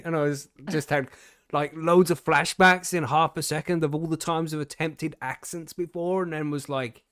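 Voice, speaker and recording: A man's voice: on the high side, steady tone, moderate pace, fairly bright tone, smooth, no echo, studio quality. A man co-hosting a podcast, chatting casually, swearing now and then and reading news aloud. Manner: laid-back, swears casually, laughs often. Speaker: podcast co-host.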